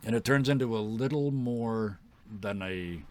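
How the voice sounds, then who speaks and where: A man narrating a tabletop game as game master, slow and descriptive with fillers. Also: fairly low pitch.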